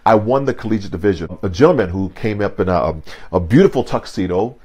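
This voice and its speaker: A man's voice: lowish voice, expressive, fast talker, a little mellow, breathy edge. A man in his sixties giving an online keynote, dynamic and rhythmic, repeating phrases for emphasis and laughing at himself. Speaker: motivational speaker. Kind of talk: online keynote talk with storytelling. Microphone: video call.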